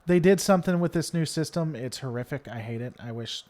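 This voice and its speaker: Fairly quick and a little mellow, this man's somewhat high voice has lively intonation and an occasional faint Southern twang from his Tennessee roots. Hosting a live stream, he chats casually through viewer comments, rambling with lots of fillers and restarts.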